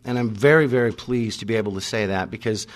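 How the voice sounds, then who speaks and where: A man's voice: lowish voice, quick pace. A man from North Dakota telling his recovery story to a meeting, self-mocking, with comic timing, acting out both sides of old arguments. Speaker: AA speaker. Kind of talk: storytelling talk to a live audience.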